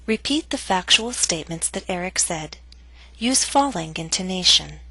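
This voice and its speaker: A woman teaching English pronunciation, reading scripted instructions and slow model sentences for learners to repeat. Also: on the low side, expressive, pushed and bright, breathy edge, no echo, low-quality recording.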